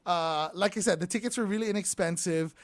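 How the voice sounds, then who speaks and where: A middle-aged woman hosting a morning radio show, telling a funny story in an animated, slangy way. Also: fairly low pitch, brisk, no echo. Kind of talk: casual radio chat, storytelling. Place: radio studio. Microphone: studio microphone.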